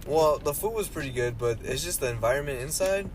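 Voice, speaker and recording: A man's voice: a little high, lively intonation, fairly quick, a loud crowd. A young man co-hosting a podcast, telling a long rambling story in casual chat, full of fillers and swearing. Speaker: podcast co-host.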